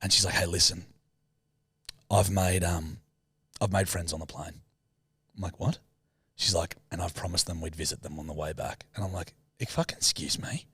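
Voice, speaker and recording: Young Aussie male podcast co-host, low voice, dry close sound, sweary and animated. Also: husky, no room sound. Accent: Australian. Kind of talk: casual podcast banter.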